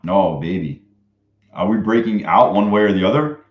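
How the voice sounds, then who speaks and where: A young live-streaming day trader with a very deep voice speaks at normal speed, giving loose, crude commentary on his trades, muttering to himself with bursts of banter. His voice sounds dull and lo-fi, with a slight ring from a roomy space.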